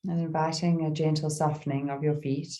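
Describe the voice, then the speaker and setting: A middle-aged woman guides a meditation in a soft, unhurried voice, leaving gentle pauses between phrases. Her tone is low and warm. She reads a poem with the same calm, soothing care. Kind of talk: guided meditation with a poetry reading.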